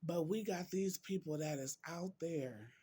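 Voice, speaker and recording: A man talks straight to his viewers in a slow, deliberate vlog and drags out his words. His voice sits a little high for a man. He sounds emotional and close to tears as he preaches his point. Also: mellow, slightly rough. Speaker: vlogger. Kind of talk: emotional vlog reading quotes.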